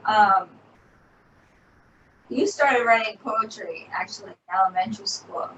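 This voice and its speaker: A woman's voice: medium pitch, unhurried, fairly bright tone, muffled recording. Woman host asking questions, lots of ums, echoey room, mic kinda far off, little hiss. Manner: hesitant, many fillers. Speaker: interview host. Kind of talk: casual interview. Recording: roomy, distant mic, faint noise.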